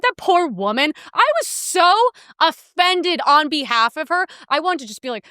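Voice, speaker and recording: A young woman hosting a podcast, ranting in casual profane commentary and mimicking people in sharp outbursts. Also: sits high, very animated, moderate pace, no room sound, clean studio sound. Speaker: podcast host.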